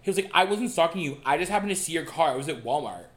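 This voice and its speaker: A young man co-hosting a podcast, telling a dating story in a casual, animated and profane way. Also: on the high side, very fast. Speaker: podcast co-host. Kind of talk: casual chat.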